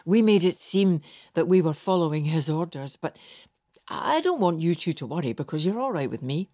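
A woman narrator voicing a blunt male lord in armour who speaks flatly and dismissively. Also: on the low side, normal speed, no echo, studio quality.

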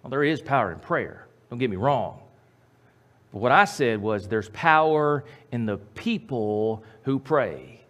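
A man preaching a sermon as pastor, emphatic, repeating his phrases and swinging from loud to quiet. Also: medium pitch, expressive, a little slow.

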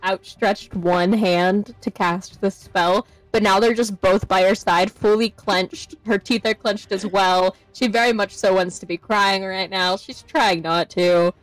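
Joking woman player, dry close sound, medium pitch. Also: steady tone, unhurried, few pauses, no echo. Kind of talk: tabletop role-play chat.

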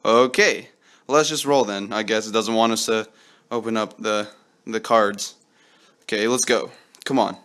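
A young man commenting on his own mobile gameplay, pleading with the game and yelling when his luck turns. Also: lowish voice, a little slow, long pauses. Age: young adult. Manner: excitable, pleading with the game, yells when lucky.

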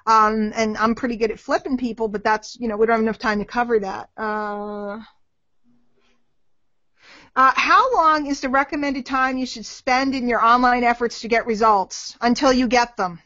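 A middle-aged woman answering marketing questions on a live webinar, talking in a lively way and acting out little dialogues. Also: on the high side, moderate pace, no echo. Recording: dull, dry lo-fi web call audio.

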